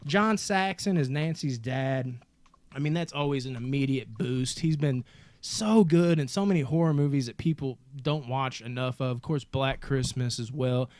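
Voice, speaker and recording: A man from Kentucky hosting a casual movie podcast, excitable and profane, calling everyone dude. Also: mid-range voice, moderate pace, dry recording. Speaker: podcast host.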